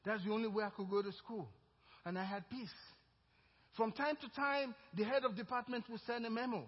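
A man's voice: high-pitched, steady tone, a little fast. A male pastor preaching a sermon, moving from personal storytelling to fervent exhortation. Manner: storytelling, then rising to loud fervent exhortation. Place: church sanctuary. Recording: dull lo-fi church recording with long reverb.

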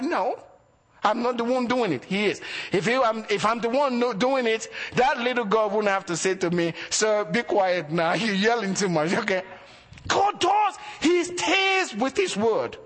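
High-voiced preaching pastor, man. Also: a bit bright, husky. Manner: preaching with rising and dropping emphasis, rhetorical questions. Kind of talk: sermon.

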